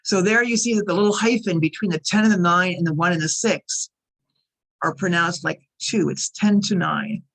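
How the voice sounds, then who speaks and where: A woman teaching English to learners, speaking slowly and carefully and spelling out each number and abbreviation. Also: fairly low pitch, vocal fry, a bit bright, rough recording. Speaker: ESL teacher. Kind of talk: recorded lesson recap.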